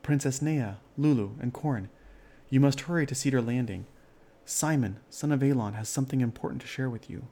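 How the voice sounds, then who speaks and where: A man's voice: mid-range voice, fairly quick, dark tone, lightly acted. A man voicing an urgent male messenger with a formal delivery.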